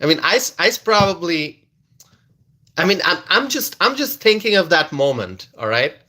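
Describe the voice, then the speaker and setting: With a high, sharp voice and big swings in pitch, a man hosts a casual political livestream, talking to live viewers. He speaks in a slow, drawn-out way with many restarts, laughs often and repeats lines for effect.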